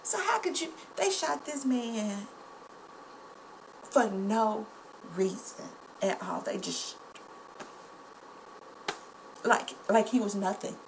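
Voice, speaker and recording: Impassioned woman, gravelly edge. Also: medium pitch, extremely slow, long pauses, noisy background. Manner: impassioned, indignant, addresses viewers as y'all. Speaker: vlogger. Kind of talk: casual commentary to camera.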